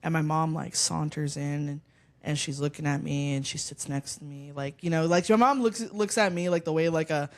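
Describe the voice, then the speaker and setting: A woman's voice: low voice, normal speed. A young woman, a comedian, chatting casually as a podcast guest, brash and profane, telling stories from her life. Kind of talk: casual chat.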